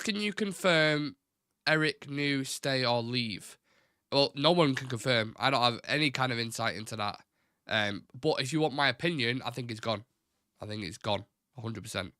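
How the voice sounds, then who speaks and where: A man's voice: medium pitch, pushed and bright, no echo, clean studio sound. A man in his twenties with a Mancunian accent, hosting a live fan stream and chatting casually as he reads out and answers viewer comments. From Manchester, England. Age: 20s. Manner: casual, blunt, swears freely, reads out chat questions. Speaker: fan channel host.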